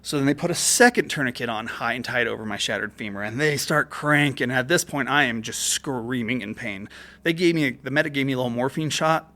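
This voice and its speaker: A military veteran guesting on a podcast tells a story in a casual, profane way packed with fillers. His mid-range voice runs a little fast and sounds pushed and bright, caught on a podcast studio mic.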